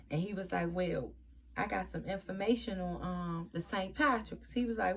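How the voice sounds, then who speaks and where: Woman, lower voice, casual episode recap, acts out quotes. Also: normal speed, a little hiss or hum. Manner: animated, acts out quoted lines in a raised voice. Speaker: TV episode reviewer.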